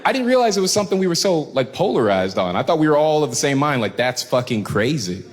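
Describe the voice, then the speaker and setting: A man performing a stand-up comedy routine on a club stage, animated and crowd-baiting, swearing freely and acting out other people. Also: on the high side, fast, long reverb tail.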